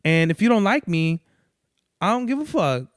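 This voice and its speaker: A young man with a high, smooth voice talks through a casual podcast monologue. He rambles, swears freely and loses his thread now and then. The sound is dry and close, with no room in it. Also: very animated, normal speed, no echo. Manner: rambling, profane, loses his train of thought. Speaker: podcast host.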